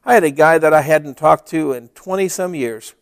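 Male pastor, high voice with a lot of lift, dry close sound; storytelling sermon that builds to emphatic preaching. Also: normal speed, gravelly, smooth, dry recording.

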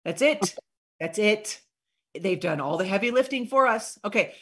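A woman giving an energetic live training on sales follow-up, acting out short sample conversations in an upbeat voice. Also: mid-range voice, moderate pace. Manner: energetic, upbeat coaching with acted-out sample dialogue. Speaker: network marketing trainer.

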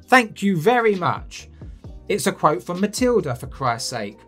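A man's voice: high voice, very animated, unhurried, fairly bright tone, faint music behind. A man hosting a comedic rant, sweary and sarcastic, with mocking outbursts. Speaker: host.

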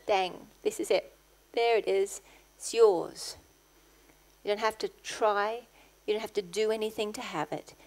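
A middle-aged woman, a guest pastor, preaching a sermon in church, rising to loud, passionate exclamations. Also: mid-range voice, fairly even intonation, unhurried.

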